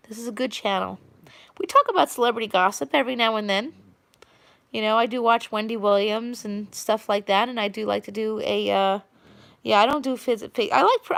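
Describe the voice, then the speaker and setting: Long Island woman, live-stream host: rambling, chatty, a bit higher pitched, gravelly fry, dry close sound. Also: fairly bright tone, dry recording. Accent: Long Island New York. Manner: rambling, chatty, greets viewers by name. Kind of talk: casual live-stream chat.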